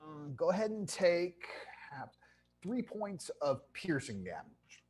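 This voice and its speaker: Casting note: playful male game master, husky and animated. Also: a little high, slow. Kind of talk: running a tabletop game.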